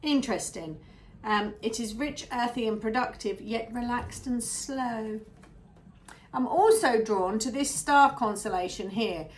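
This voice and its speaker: Woman, tarot reader, fairly high voice, chatty and musing, repeats herself. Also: measured pace, slight background noise. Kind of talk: casual tarot reading to camera.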